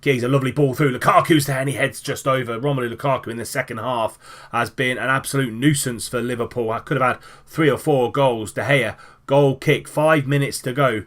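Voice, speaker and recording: A man narrates match highlights from a football management game in an easygoing commentary style. His voice sits at an ordinary middle pitch, and he often stops for fillers and restarts before picking up with excitement. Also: fairly quick. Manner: casual, lively with frequent fillers and restarts. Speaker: gaming commentator.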